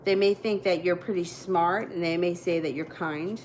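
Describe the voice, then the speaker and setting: A woman's voice: on the low side, fairly even intonation, moderate pace, a little mellow, a little hiss or hum, low-quality recording. A woman doing live tarot readings, answering viewer questions in a loose, chatty way. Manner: casual, explains readings conversationally with fillers. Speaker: tarot reader.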